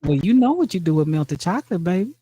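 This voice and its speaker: A woman voicing a smooth-talking flirty man at a bar, crooning in a low put-on voice. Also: sing-song, fast talker, warm tone, slight background noise, poor audio.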